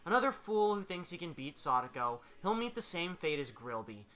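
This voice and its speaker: A proud young witch with a cold streak, muttering her threats low and menacing, as a man reads her lines. The tone stays bright and crisp. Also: sing-song, brisk.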